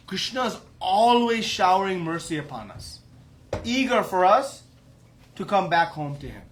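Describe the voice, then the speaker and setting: A man's voice: high-pitched, sing-song, moderate pace, fairly bright tone, a little hiss or hum. A man giving a devotional class, telling a story with emphatic rhetorical questions. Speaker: preacher.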